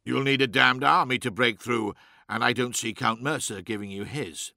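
A man's voice: medium pitch, normal speed, gravelly, dry recording, clean studio sound. A man voicing a blunt, impatient male warrior captain who snaps and pushes hard. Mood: forceful. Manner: snapping, forceful.

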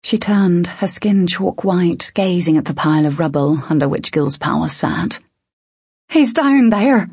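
Breathy woman narrating a fantasy audiobook. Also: low voice, little pitch movement, normal speed, few pauses, darkish tone, no room sound, dull audio. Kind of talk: scripted narration.

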